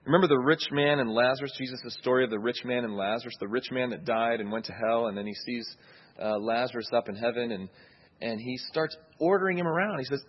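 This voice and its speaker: Man pastor, husky voice, conversational sermon, dull lo-fi recording. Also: medium pitch, fairly quick. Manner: conversational preaching, asks listeners "right?".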